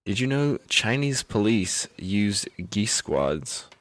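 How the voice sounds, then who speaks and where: Laid-back low-voiced young man host. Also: sing-song, slow, fairly bright tone, dry recording. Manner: laid-back, chatty, with fillers. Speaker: podcast host. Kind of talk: casual podcast chat.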